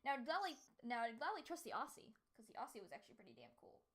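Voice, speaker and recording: Young woman podcast cohost, high voice, rambly animated storytelling with lots of "like". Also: rapid-fire. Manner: animated storytelling with many "like" fillers, high-pitched quoted voices. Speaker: podcast co-host. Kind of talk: casual chat.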